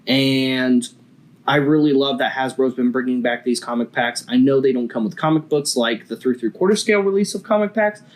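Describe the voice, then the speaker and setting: A man's voice: mid-range voice, normal speed. A man hosting a casual toy review video, chatty and enthusiastic.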